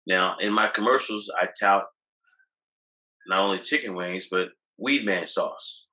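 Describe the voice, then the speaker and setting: Bright-voiced, boastful New man. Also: deep voice, measured pace, poor audio. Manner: loose, boastful storytelling with many restarts. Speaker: guest, cannabis activist. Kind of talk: casual interview talk. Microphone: video call.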